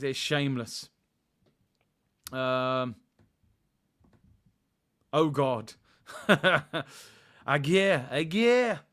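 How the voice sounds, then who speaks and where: A young man hosts a live fan watchalong, calling the play and chatting to viewers. His voice is bright and sits slightly high, and he gets excitable when the action picks up. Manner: chatty, excitable, jumps between play-by-play and asides, reads chat aloud. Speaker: fan channel host doing a live watchalong. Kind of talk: casual live match commentary.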